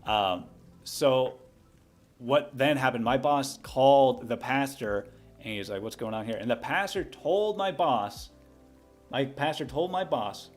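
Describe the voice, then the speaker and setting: A young man casually telling a long story on a livestream, rambling with frequent restarts and asides. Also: medium pitch. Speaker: livestream host.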